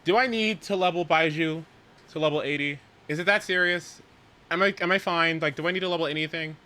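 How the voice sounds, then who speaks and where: A young man live-streaming a video game in casual chat, swearing often and swinging from mumbles to shouts. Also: on the high side, fairly quick.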